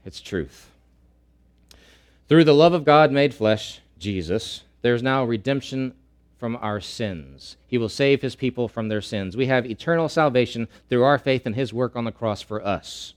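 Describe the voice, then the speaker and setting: Male pastor preaching, repeats himself a lot, goes loud then quiet and slow. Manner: swings between loud emphatic repetition and low slow hushed lines. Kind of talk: sermon.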